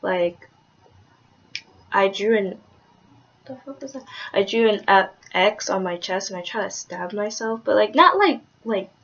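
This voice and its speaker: A young woman talking candidly in a personal vlog, rambling with lots of "like"s and swearing, soft-spoken with hesitant restarts. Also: mid-range voice, lively intonation, a little slow. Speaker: vlogger. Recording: dull lo-fi audio.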